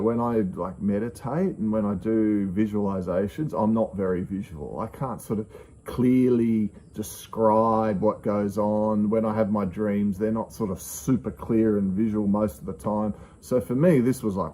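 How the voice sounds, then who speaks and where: A man with a lowish voice tells a long personal story in a relaxed, conversational way. He animates the retelling by voicing his own thoughts, often dropping to a hush. A faint background hiss sits under the voice. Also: low-quality recording. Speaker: channel host. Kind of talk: casual first-person storytelling.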